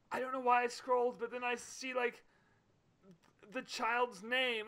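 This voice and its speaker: A man co-hosting a casual podcast chat, venting in an excitable, animated way. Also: very high voice, normal speed. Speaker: podcast co-host.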